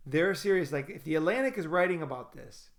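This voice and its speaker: A man's voice: a little high, expressive, brisk. A man hosting a casual podcast chat, rambling and often repeating and restarting his words. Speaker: podcast host.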